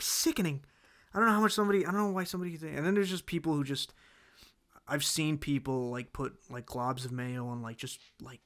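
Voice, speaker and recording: A man with a fairly high, fairly bright voice hosts a casual solo talk show, rambling through complaints about food. He restarts often, uses lots of fillers, and breaks into exasperated outbursts.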